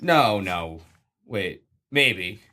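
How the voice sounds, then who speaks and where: A man's voice: lowish voice, extremely slow. A man from New Jersey co-hosting a casual comedy podcast, joking and laughing a lot. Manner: lively, jokey, laughs a lot. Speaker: podcast co-host.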